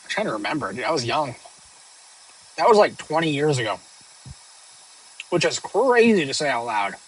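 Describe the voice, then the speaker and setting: A man's voice: on the high side, sing-song, moderate pace, fairly bright tone, slight background noise, poor audio. A young man streaming live, casually answering viewer questions in a rambling, joking way full of fillers and restarts. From northern United States.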